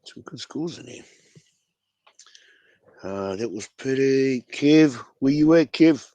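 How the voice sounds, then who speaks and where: A man's voice: medium pitch, expressive, slow pace, mellow, no echo, highs cut off. A man with a New Zealand accent hosting a casual fan livestream, laid-back and slangy, calling everyone bro. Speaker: fan show host.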